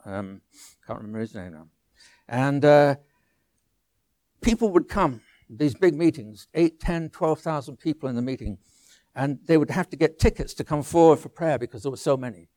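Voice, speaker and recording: An older man preaching a sermon, telling a story with asides and restarts, sometimes dropping to a soft low voice. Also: lively intonation, moderate pace, no echo. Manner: anecdotal, with asides and restarts, drops to a soft low voice on quiet lines.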